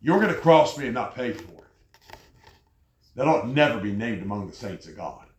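A man preaching a sermon with an animated delivery, often jumping high in pitch as he acts out angry people. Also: normal speed. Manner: animated, jumps to high pitch when mocking others. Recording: echoey room.

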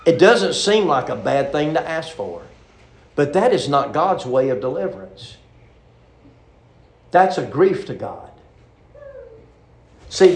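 A man's voice: fairly high pitch, big pitch swings, slow pace, pauses often, slight background noise. A male pastor, preaching a sermon in a folksy, rambling way that restarts often. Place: church sanctuary. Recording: echoey church room.

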